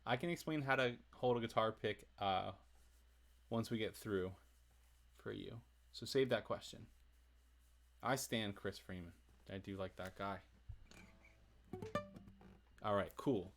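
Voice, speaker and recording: Relaxed man teaching guitar. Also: lowish voice, measured pace, vocal fry, pauses often. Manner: relaxed, chatty, answers chat and laughs often. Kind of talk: casual livestream guitar lesson. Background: faint acoustic guitar playing.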